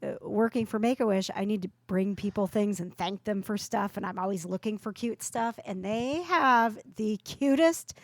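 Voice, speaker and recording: A woman's voice: mid-range voice, moderate pace, few pauses, no echo. A woman hosting a casual podcast chat, bubbly and teasing, laughing often. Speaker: podcast host.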